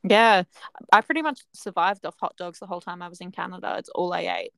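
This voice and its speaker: A woman's voice: lowish voice, animated, fairly quick, creaky, fairly bright tone, clean tone. A young Australian woman guesting on a podcast, chatting casually with teasing, dry humor and frequent laughs. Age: young adult. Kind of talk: casual chat.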